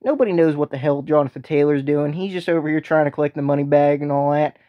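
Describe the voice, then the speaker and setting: A swaggering, foul-mouthed co-host with a thick put-on accent, as a man does the voice, sitting a little high in pitch. He talks crude and belligerent, like he's itching for a fight, and the sound is dull and lo-fi. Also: fairly even intonation, fast, dry recording, lightly acted. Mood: brash, crude.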